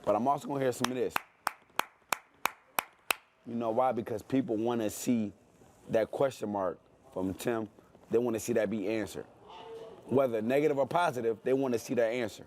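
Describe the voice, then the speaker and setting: A man's voice: mid-range voice, fairly even intonation, moderate pace, pauses often, background noise. A man, a professional boxer talking brashly in an interview, boasting and repeating his phrases for effect. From Detroit, USA. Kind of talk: animated interview talk.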